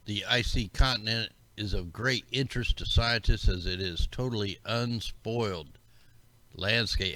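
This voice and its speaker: A man's voice: fairly low pitch, a bit bright. A man hosting a livestream, rambling casually and conspiratorially as he talks through maps and greets his viewers. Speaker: livestream host. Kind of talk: casual commentary over maps.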